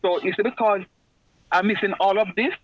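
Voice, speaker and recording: A man's voice: high-pitched, moderate pace, slight background noise. A man, teaching an online class in a chatty way and repeating phrases for emphasis. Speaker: lecturer. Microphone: video call. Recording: muffled video-call audio.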